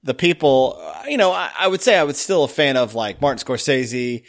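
A man's voice: mid-range voice, sing-song, a little fast, gravelly. A young adult man co-hosting a podcast, chatting casually and jokily about a classic film. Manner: jokey, slips into playful put-on voices. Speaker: podcast co-host. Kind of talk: casual movie chat.

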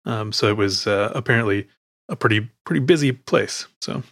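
A man's voice: lowish voice, normal speed, gravelly, no echo, studio quality. A man hosting a film podcast in casual chat, rambling, correcting himself and laughing often. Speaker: podcast host.

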